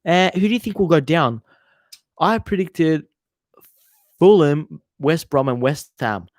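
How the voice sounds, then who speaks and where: A man's voice: on the high side, animated, measured pace, dry recording, studio quality. Chatty, swearing man streaming. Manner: chatty and rambling, swears freely, trails off mid-sentence. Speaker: football channel host. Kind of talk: casual livestream chat reading viewer comments.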